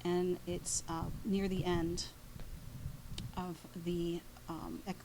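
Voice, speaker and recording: A woman painter, a guest in an interview, telling a story in a halting way, with many pauses and restarts. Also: on the low side, little pitch movement, noisy background.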